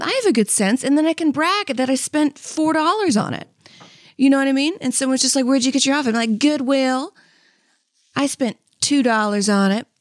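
A podcast host in her thirties, whose voice sits a little high for a woman, riffs through a comedic monologue that's candid and self-mocking, sprinkled with "like" and "you know what I mean." The recording is dry and close, with no room sound or echo.

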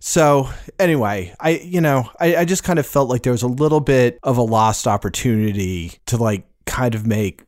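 A man's voice: mid-range voice, normal speed, few pauses, darkish tone, no room sound, studio quality. A man co-hosting a film podcast, rambling with lots of hedging fillers as he critiques a script. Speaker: podcast co-host. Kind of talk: casual film review chat.

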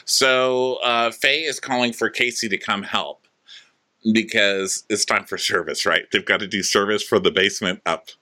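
A man recapping reality TV with snark and jokes. His voice sits a little low but sounds bright and forceful. He talks in quick comic asides as he tells the story. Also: fairly even intonation. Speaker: podcast co-host.

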